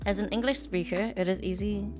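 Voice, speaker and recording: A woman's voice: mid-range voice, steady tone, fairly quick. A woman with a New Zealand accent, chatting casually on a live stream, reading lesson text aloud and reacting to it. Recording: background music track.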